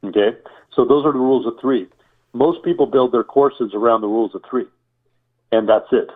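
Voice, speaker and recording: Man, interview guest, explaining and listing, repeats himself, tinny phone-like sound, mid pitch. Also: normal speed. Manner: enumerating, repetitive, rhetorical questions. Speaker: survival expert guest.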